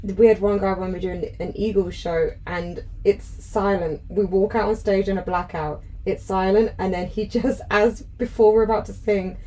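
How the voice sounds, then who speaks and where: A woman co-hosting a relaxed podcast, chatty and quick to break into a loud cackle. She sits close to the microphone. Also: mid-range voice, low-quality recording. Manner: giggly, cackling laugh. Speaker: podcast co-host. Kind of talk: casual chat. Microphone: close podcast mic.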